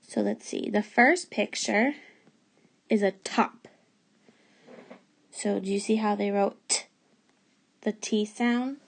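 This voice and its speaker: A woman's voice: medium pitch, slow pace, gravelly, pauses often. A woman teacher giving a remote phonics lesson to young children, patiently sounding out letters and words.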